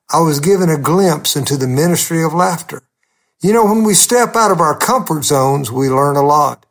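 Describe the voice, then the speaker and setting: A man, a humorist, telling a gently funny personal story in a scripted radio segment. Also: on the high side, lively intonation, moderate pace.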